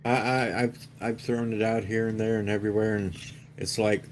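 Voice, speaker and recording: A man's voice: lowish voice, level tone, normal speed, slight background noise. A man in casual late-night stream chat, making dry joking asides.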